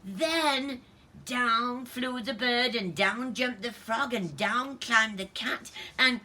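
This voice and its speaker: A woman teacher reading a picture book aloud, animated, pointing out the pictures as she goes. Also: on the high side, slow pace.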